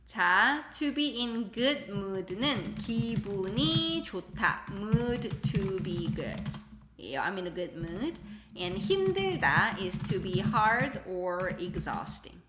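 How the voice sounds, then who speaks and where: A woman teaching a live-streamed language lesson, slow when explaining and quick with her examples, laughing often. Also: medium pitch, sing-song, reverberant, very noisy. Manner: switches between slow English explanations and quick Korean examples. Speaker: Korean teacher.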